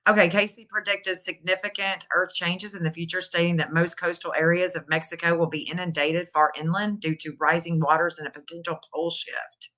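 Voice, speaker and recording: A woman's voice: fairly low pitch, steady tone, fairly quick, few pauses, sharp tone. A middle-aged woman hosting a casual live stream, thinking aloud and reading out searches as she goes. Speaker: live stream astrology reader.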